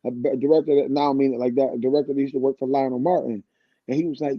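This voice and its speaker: A man's voice: medium pitch, steady tone, rapid-fire, dry recording, lo-fi sound. A man in his fifties, a guest singer on a radio show, telling a long, laid-back story with plenty of restarts. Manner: laid-back, rambling anecdotes with frequent restarts. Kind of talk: casual storytelling.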